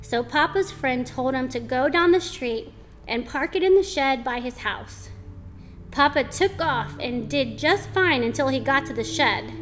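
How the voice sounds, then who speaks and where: Cheerful teasing storybook mama read by a woman, high-voiced, slow and easy. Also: animated, a bit bright, soft background music. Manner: light-hearted, teasing. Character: cheerful teasing farm mother.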